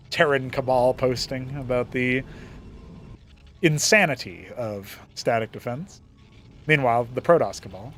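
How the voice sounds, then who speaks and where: Over slight background noise, a young man with a mid-range, sing-song voice provides solo play-by-play for a strategy game match. The esports caster is talkative and playful, laughing at his own jokes and dropping quick asides.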